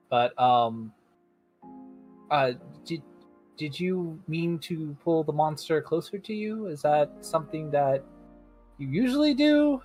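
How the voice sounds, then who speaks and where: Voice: medium pitch, animated, slow pace, a little mellow, faint music behind. A player at a tabletop game describing actions and speaking casually, with some hesitation.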